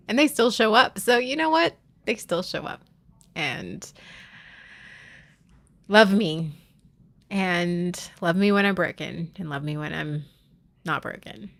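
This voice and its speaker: A woman's voice: fairly low pitch, lively intonation, slow, creaky, long pauses, fairly bright tone. A woman live streaming, talking candidly and heartfelt with her viewers, often restarting her sentences. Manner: confiding, swears casually.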